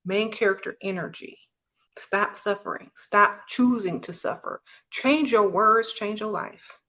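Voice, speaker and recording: A woman's voice: medium pitch, unhurried, bright, forceful tone. A woman giving blunt relationship advice, scolding her listeners and mocking them. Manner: brash, scolding, mocks others in a whiny voice.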